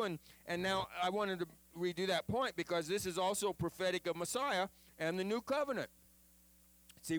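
Animated male preacher, higher-pitched voice, dry close sound, chatty and joking. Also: no echo. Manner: animated, chatty teaching with jokes and acted quotes. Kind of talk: sermon.

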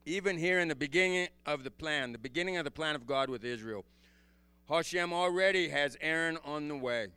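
Animated man preaching a sermon. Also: clear, resonant tone, dry recording. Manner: animated, swings from loud exclamations to hushed low tones; asks the listeners rhetorical questions. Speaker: pastor teaching from the Bible. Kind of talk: expository sermon.

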